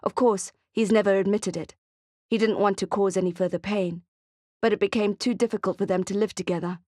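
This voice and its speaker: A woman narrating an audiobook thriller in a steady, expressive reading. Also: medium pitch, a little fast, no room sound, studio quality. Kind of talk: scripted narration.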